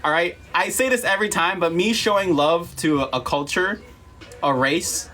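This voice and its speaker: A man's voice: high voice, moderate pace, sharp tone, soft background music. A man talking earnestly on a livestream, emphatic and apologetic, repeating himself and close to tears.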